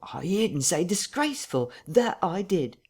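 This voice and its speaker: A man reading an audiobook, voicing a slow, stolid innkeeper who talks in a rustic country dialect. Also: high-pitched, big pitch swings, darkish tone, breathy edge, pitched above the performer's own voice, full character voice. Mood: gruff.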